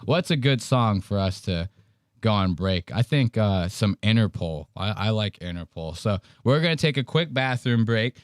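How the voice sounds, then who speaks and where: A man's voice: on the low side, expressive, moderate pace, dry recording. Male podcast host, casual profane banter, dry sound. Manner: profane, joking, acts out quotes. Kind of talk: casual reaction chat.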